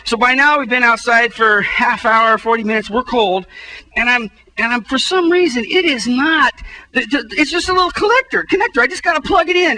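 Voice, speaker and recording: A man pastor telling a funny story in a sermon, animated, and his voice jumps up when he acts out his frustration. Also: extremely high pitch, normal speed, low-quality recording.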